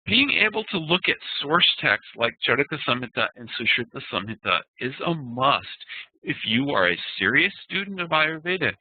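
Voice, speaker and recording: A man's voice: medium pitch, big pitch swings, moderate pace, slightly rough. A man teaching an online class, explaining patiently and spelling out sounds one by one. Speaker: Ayurveda instructor. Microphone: computer mic on a web meeting. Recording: dry, tinny web-meeting audio.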